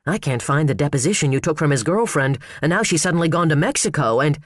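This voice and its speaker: A man's voice: on the high side, animated, fast talker, no room sound, studio quality. A man voicing a fussy male attorney who pouts and complains, in an audiobook. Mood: whiny. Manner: pouting, complaining.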